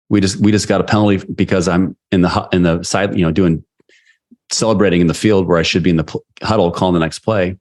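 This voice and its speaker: A middle-aged man, a sales leader and coach, telling a personal story as a guest in a podcast interview and acting out the voices of the people in it. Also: deep voice. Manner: animated storyteller who acts out quoted voices.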